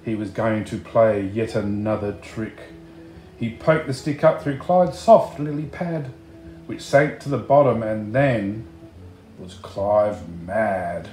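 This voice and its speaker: A man reading a picture book aloud, slow and expressive, chatting to the listener between pages. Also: lowish voice, reverberant, soft background music. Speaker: storybook reader.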